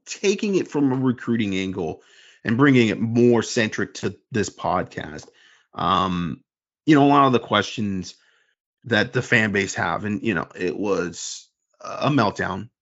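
A man's voice: on the low side, animated, unhurried, fairly bright tone. A man co-hosting a casual sports podcast, rambling animatedly and mimicking fans as he talks. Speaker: podcast co-host and forum moderator. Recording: dull lo-fi sound.

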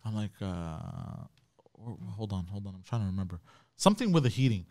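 A man's voice: on the low side, very animated, fairly quick, darkish tone, no echo, clean studio sound. A man, co-hosting a podcast, telling a story in a rambling, hesitant way full of fillers. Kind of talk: casual chat.

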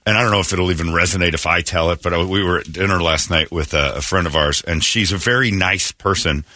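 A man's voice: low-pitched, quick pace, bright, forceful tone, dry recording. A man hosting a morning radio show, telling a rambling, self-amused story and acting out the quotes in exaggerated voices.

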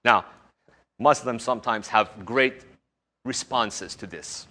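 A man giving a recorded course lecture, teaching in an animated way. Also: medium pitch, slow. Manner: animated teaching, slips into exaggerated voices when quoting others.

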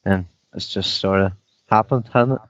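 Softly spoken young Northern Irish man. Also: deep voice, normal speed, no room sound. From Northern Ireland. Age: young adult. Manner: softly spoken, laughs easily. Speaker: guest, downhill mountain bike racer. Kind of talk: casual interview chat. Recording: dull lo-fi remote line.

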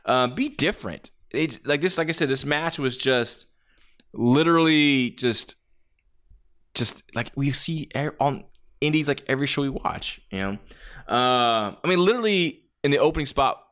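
Lively, rambling man reviewing matches. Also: medium pitch, moderate pace. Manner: rambling, many fillers and restarts; blunt, opinionated. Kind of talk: casual spoken review.

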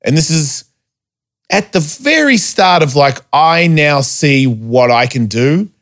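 Taking it slowly in a voice on the high side, this man is an animated storyteller in a casual podcast conversation. He swears a lot and raises his voice to act out quotes.

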